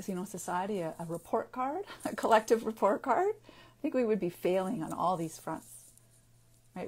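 Woman, naturopathic doctor and author, unscripted personal video; earnest, halting delivery, lots of restarts and fillers, mid pitch. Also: darkish tone. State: getting emotional.

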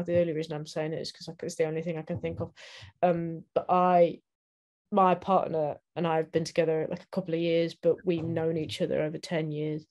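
A woman in her thirties talks casually as an interview guest, her voice sitting a little low. She hedges and fills gaps with ums, mocking her own answers as she goes. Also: darkish tone. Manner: hesitant, self-deprecating, many fillers. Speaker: comedian and podcaster, interview guest.

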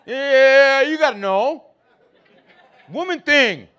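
A hot-headed, stammering dad who blows up over nothing, his voice jumping way up high and loud. A man acts him out with a lot of force. He sputters and repeats himself when he gets mad. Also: expressive, slow pace, muffled recording, some chatter behind, full character voice. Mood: angry flustered. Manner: stuttering, shouting, flustered. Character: hot-tempered stuttering middle-aged dad, yelling.

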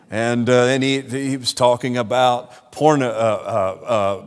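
Southern pastor preaching in a reverberant church. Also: male voice, medium pitch, unhurried, few pauses. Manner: animated preaching, rising and falling in volume, laughing asides. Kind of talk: sermon. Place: church sanctuary.

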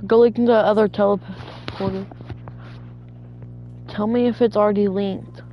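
A woman's voice: mid-range voice, fairly even intonation, measured pace, slight background noise. A woman gamer in casual chat while playing co-op zombies, bossing her teammate around with profane trash talk. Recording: dull lo-fi audio with faint music.

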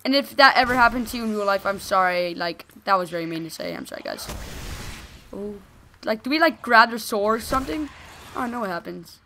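A young woman giving excited gameplay commentary, gushing and shouting during fights. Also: mid-range voice, a little fast, a little hiss or hum. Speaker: gaming video host.

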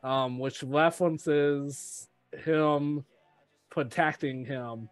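A man's voice: a little high, steady tone, very slow, no room sound. A man chatting casually as a podcast guest, rambling with many fillers.

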